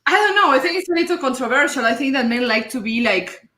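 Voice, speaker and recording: A woman's voice: high-pitched, animated, quick pace, pushed and bright, a little hiss or hum. A woman co-hosting a casual live-stream chat, who reads out the chat and thinks aloud hesitantly. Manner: hesitant, restarts while she thinks aloud. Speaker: co-host reading chat. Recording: echoey room.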